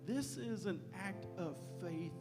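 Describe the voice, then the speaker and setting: A man's voice: high-pitched, lively intonation, slow pace, loud music behind the voice. A male pastor preaching a sermon in a church, impassioned and repeating key phrases for emphasis. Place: church sanctuary.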